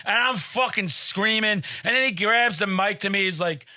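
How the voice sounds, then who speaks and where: A man hosting a podcast, telling profane comedic stories in a brash, boastful way, often yelling. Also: high-pitched, normal speed. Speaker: podcast host.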